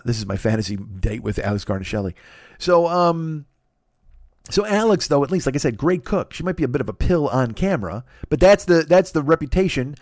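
A man's voice: mid-range voice, a little mellow, no echo, studio quality. A man hosting a podcast, rambling through a profane, sarcastic comedy rant and slipping into silly voices. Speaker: podcast host.

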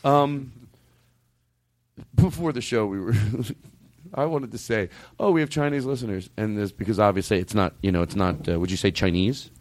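A man's voice: on the low side, moderate pace, darkish tone, no echo. A man hosting a comedy podcast, chatting playfully and breaking into giggles. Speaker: podcast host. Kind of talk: casual comedy banter.

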